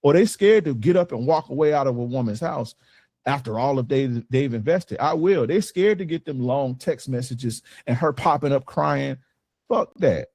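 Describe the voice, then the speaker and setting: A man's voice: medium pitch, lively intonation, moderate pace, darkish tone, dry recording. Blunt, profane man coaching on dating. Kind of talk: casual coaching talk to a group.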